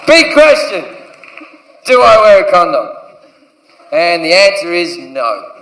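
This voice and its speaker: A man's voice: high-pitched, big pitch swings, slow, fairly bright tone. A man in his thirties with an Australian accent, doing a crude stand-up routine on a theatre stage and acting out the voices in his story. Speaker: stand-up comedian. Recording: echoey theatre from a distance.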